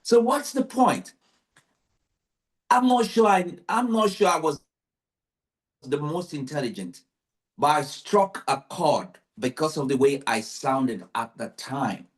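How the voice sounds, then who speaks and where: A man hosting a podcast, telling stories in lively casual conversation and acting out the people he quotes. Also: on the high side, slow, long pauses. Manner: animated storyteller, acts out quotes.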